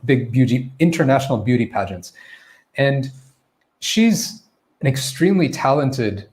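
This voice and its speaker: A man's voice: medium pitch, a little mellow. Man teaching pronunciation in a live stream. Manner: conversational, many fillers and restarts, reads viewer comments aloud. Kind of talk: live online Q&A lesson.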